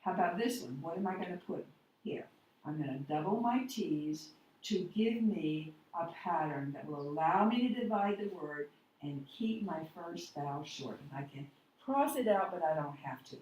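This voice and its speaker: A woman teaches phonics in a slow, careful way, spelling words out one letter at a time. Her voice sits a little low and sounds far from the mic in a very echoey room with faint background noise. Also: animated, darkish tone, muffled recording. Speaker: reading teacher. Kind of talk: phonics lesson at a board.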